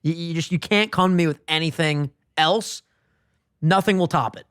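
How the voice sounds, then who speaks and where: A man co-hosting a podcast, telling a story in a casual chat, animated and swearing a lot. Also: fairly high pitch, normal speed, clean tone, dry recording, clean studio sound. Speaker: podcast co-host. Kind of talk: casual chat, retelling a TV scene.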